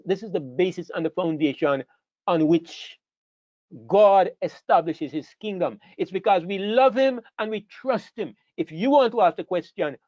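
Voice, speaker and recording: In a lo-fi, dull and dry recording with no echo, a high-voiced man with a darkish tone preaches. His sermon lecture is forceful and repetitive, built on questions he answers himself.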